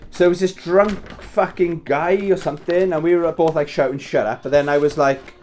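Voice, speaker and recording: A man's voice: fairly high pitch, fairly even intonation, normal speed, darkish tone. A man in his thirties casually telling a story while wrapping presents, swearing and chuckling as he talks. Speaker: vlogger. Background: Christmas music playing faintly.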